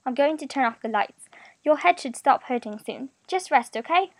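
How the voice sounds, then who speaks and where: A woman voicing a kind young man who talks softly and reassuringly to an injured friend. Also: high voice, expressive, moderate pace, dry recording. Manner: soft, reassuring. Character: gentle kindly young man, a caring friend.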